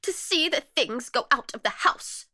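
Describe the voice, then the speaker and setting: A woman's voice: fairly low pitch, very animated, normal speed, pushed and bright, no room sound, studio quality, full character voice. A woman voicing an eccentric, possessive old spinster in a spoken story, shifting between wistful whispers and jealous wails. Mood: agitated.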